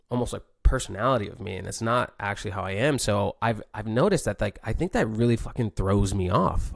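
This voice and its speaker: A young man talks through his thoughts in a loose, rambling podcast monologue, stopping and restarting often. His voice sits low with a gravelly edge. The sound is dry and close, with no room around it. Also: dry recording. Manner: rambling, many fillers and restarts, thinking aloud. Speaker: podcast host, competitive surfer. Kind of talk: casual reflective monologue.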